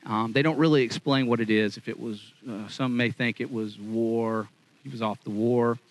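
A man preaching a casual, conversational sermon in an animated, chatty way. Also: medium pitch, normal speed, rough recording. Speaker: pastor.

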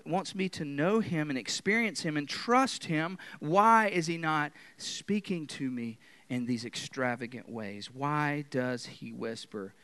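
Preacher swinging between shouts and whispers. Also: male voice, on the high side, expressive, measured pace, hardly any pauses, clean tone, no echo. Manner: swings from loud, emphatic preaching to hushed whispers. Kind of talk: sermon.

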